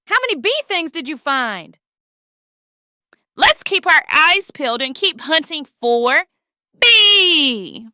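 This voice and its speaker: Children's host: high, sparkling woman, slow and sing-song, coaxing little ones to join in. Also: big pitch swings, bright, forceful tone, no room sound, clean studio sound. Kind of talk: children's lesson.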